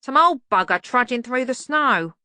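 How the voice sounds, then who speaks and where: A woman voicing a cranky, fretful old male servant who complains in a high squawk. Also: animated, normal speed, sharp tone, dry recording.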